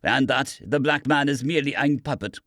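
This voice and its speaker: A man voicing a calm captive doctor with a thick German accent and formal, stilted phrasing. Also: medium pitch, brisk, no echo, studio quality, natural voice.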